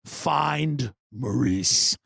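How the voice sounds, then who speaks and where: A man's voice: medium pitch, expressive, drawn-out words, creaky, pushed and bright, breathy edge, dry recording, studio quality, pitched below the performer's own voice, full character voice. A man voicing a haughty, demanding wealthy old woman in pearls, telling a comedy story.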